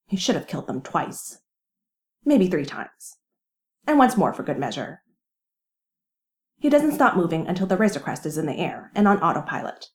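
A woman reading a fan story aloud with lively, wry storytelling. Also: fairly low pitch, normal speed, long pauses. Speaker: reader. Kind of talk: fan fiction narration.

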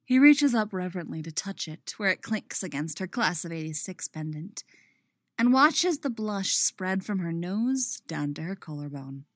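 A woman reading her own romance story aloud, expressive in the narration and chatty and self-mocking in her afterword. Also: on the low side, normal speed, dry recording, clean studio sound. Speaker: fan fiction reader and writer.

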